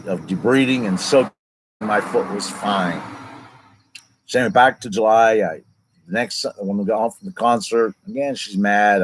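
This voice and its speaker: A man in his fifties tells a long personal story in a casual, unscripted way. His voice sits a little low, and he wanders through side stories before returning to the main thread. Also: rough recording. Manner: rambling, digressive personal storytelling. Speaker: vlogger telling his own story.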